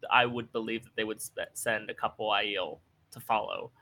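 A man's voice: lowish voice, fairly even intonation, moderate pace, vocal fry, bright, forceful tone. A young man co-hosting a casual book discussion, adding dry, wry comments. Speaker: podcast co-host.

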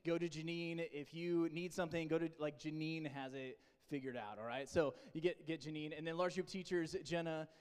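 A man's voice: on the high side, fairly even intonation, fairly quick, hardly any pauses, clean tone. A young man leading a group training with a playful, teasing pep talk. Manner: playful teasing, loud and coaxing. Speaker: camp leader training teen volunteers. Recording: long reverb in a large hall.

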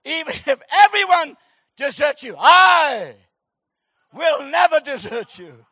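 Man voicing a brash loud disciple, high and bright. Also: very animated, takes it slowly, dry recording, clean studio sound, heavily acted. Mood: boastful. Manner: shouting eager vows. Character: brash boastful male disciple, loud and rash.

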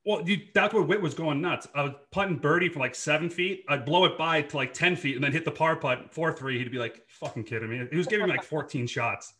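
Boston guy in his thirties, bright slightly high voice, easygoing guest who laughs a lot. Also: brisk, few pauses. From Dorchester, Massachusetts. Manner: laid-back, laughs often, swears freely. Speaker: podcast guest, former hockey player. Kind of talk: casual chat.

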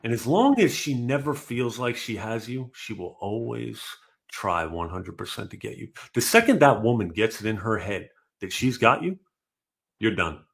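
A man co-hosting a casual podcast chat, talking in a lively, opinionated way and often acting out the people he quotes. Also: on the low side, moderate pace, vocal fry. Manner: animated, acts out quoted voices. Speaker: podcast co-host.

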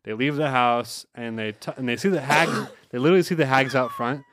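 A man's voice: mid-range voice, a little fast, fairly bright tone, a little hiss or hum. A man co-hosting a podcast, rambling wryly through an anime recap and checking his notes. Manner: rambling, wry, reads from notes. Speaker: podcast co-host. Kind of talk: casual chat recapping an anime episode.

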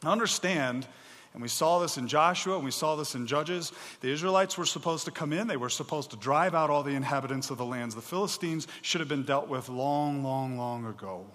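Speaking a little fast in a slightly high, fairly bright voice, a man preaches as pastor amid long hall reverb. His delivery is emphatic and conversational, plain-spoken to the congregation with offhand asides.

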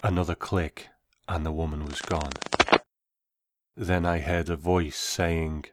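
Deep-voiced man reading his story. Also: flat delivery, a little hiss or hum. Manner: measured, reflective. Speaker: narrator. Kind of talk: first-person story reading.

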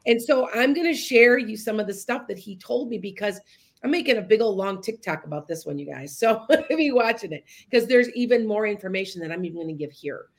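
A woman talking casually to her podcast listeners, wandering from point to point. She restarts her sentences often and keeps addressing the audience directly. Her pitch sits in an ordinary middle range. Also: lively intonation, a little fast. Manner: rambling, with many restarts and asides to listeners. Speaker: podcast host and psychic medium. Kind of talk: casual storytelling monologue.

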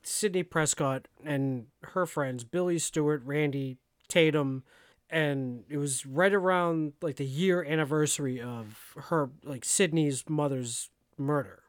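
A man's voice: on the high side, unhurried, clear, resonant tone, no echo, clean studio sound. A man co-hosting a podcast in casual chat, rambling with lots of fillers as he talks it through. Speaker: podcast co-host.

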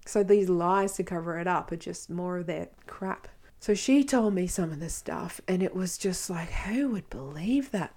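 A woman hosting a podcast, telling her own story in a frank, earnest monologue with quick asides. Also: on the low side, expressive, a little mellow. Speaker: podcast host.

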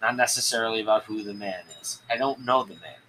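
Guy rambling thru his podcast, bright voice, a bit of faint room noise. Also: fairly low pitch, low-quality recording. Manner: rambling, halting, with restarts and fillers. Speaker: podcast host. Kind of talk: solo political commentary podcast.

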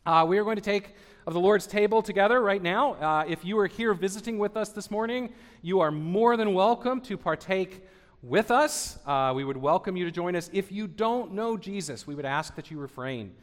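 A man, his voice set a little high for a man. He speaks earnestly, repeating words and restarting phrases as he builds to emphatic points. The sound carries a long reverb from the church hall. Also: lively intonation, moderate pace. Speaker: pastor. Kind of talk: sermon. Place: church sanctuary.

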